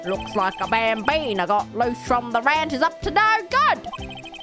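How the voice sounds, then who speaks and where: A laid-back cowboy detective with a slow western drawl, put on by a woman. Her naturally high, lively voice is pushed lower and stretched out. Game music plays clearly behind. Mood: drawling, lazy.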